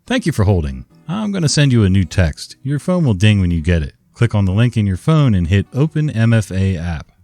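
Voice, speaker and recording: A tired help-desk worker stays politely on script, his lowish voice rising and falling with a lively lilt, as a man reads him. Faint guitar sits under a dry, close sound. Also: brisk, hardly any pauses, no echo. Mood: patient. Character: patient, weary male help-desk worker.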